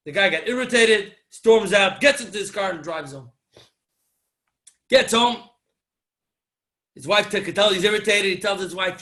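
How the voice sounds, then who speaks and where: A man delivers a sermon as a story, playing out each character's lines and swinging from loud to hushed. His voice sits high for a man, with a bright, forceful edge. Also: moderate pace. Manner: animated storyteller acting out dialogue, swings between loud and soft. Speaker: rabbi giving a Torah talk.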